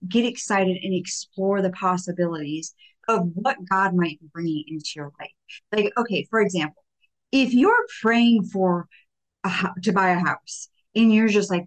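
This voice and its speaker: Chatty woman giving a faith talk. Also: medium pitch. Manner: conversational, many "like" fillers, acts out little dialogues. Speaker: podcast host. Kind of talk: faith-based motivational talk.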